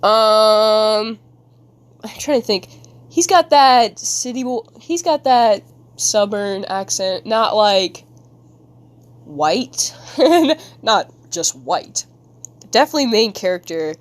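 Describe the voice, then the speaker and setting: A woman's voice: mid-range voice, lively intonation, takes it slowly. A woman streamer chatting casually with her viewers while she draws, giggling and rambling in a silly way. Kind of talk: casual live-stream chat while drawing.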